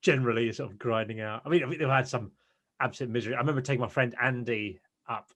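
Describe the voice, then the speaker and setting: Fast-talking man ranting animatedly. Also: medium pitch, fairly bright tone. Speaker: guest. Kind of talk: casual chat.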